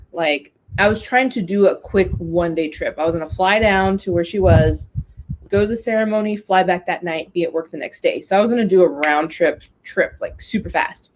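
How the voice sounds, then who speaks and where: A woman's voice: mid-range voice, a little hiss or hum. Candid, profane woman telling a story. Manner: candid and profane, emotional, animated quoting. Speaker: podcast host. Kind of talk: casual storytelling monologue.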